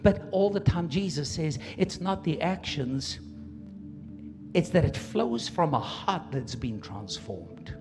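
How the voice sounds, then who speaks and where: Guy pastor preaching, kinda high voice, gets quiet then loud, soft music under it. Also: slow. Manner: animated, swings from quiet asides to loud emphatic peaks. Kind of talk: sermon.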